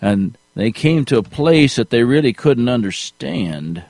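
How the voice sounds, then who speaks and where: A man preaching a sermon in a slow, deliberate way, rising to emphasis at key points. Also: medium pitch, big pitch swings, darkish tone, dry recording.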